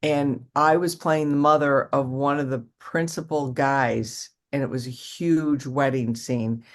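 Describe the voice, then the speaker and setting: A woman's voice: very deep voice, fairly even intonation, unhurried. An older woman talks casually as an interview guest. She tells long, rambling stories, restarting her sentences and acting out little quotes as she goes. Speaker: actress guest.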